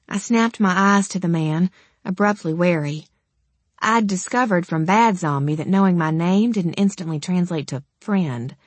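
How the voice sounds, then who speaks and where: A woman's voice: fairly low pitch, normal speed, dry recording. A woman narrating an audiobook in the first person, in a wry, conversational and casually profane manner.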